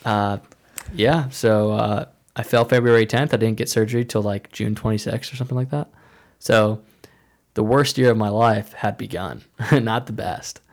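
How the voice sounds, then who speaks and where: A man with a low, gravelly voice tells a personal story in a loose, conversational way. He rambles, leans on "like" again and again, and slips into the voices of people he quotes. The delivery is casual and unpolished. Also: steady tone, normal speed. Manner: rambling, heavy use of "like", acts out quoted dialogue.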